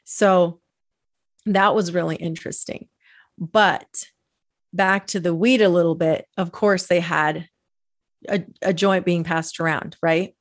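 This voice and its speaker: A woman's voice: on the low side, steady tone, takes it slowly, long pauses. A woman telling personal stories in a casual podcast chat, talking loosely with many fillers and laughing as she goes. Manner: chatty, storytelling with lots of fillers and laughs.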